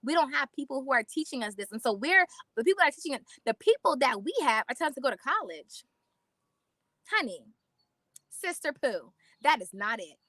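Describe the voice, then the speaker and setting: A woman talking straight to her viewers, animated and preachy, repeating lines for emphasis and calling them y'all and honey. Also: high voice, fairly quick, no room sound, clean studio sound. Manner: casual slang, calls listeners y'all and honey. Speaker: host. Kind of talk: casual motivational talk to viewers.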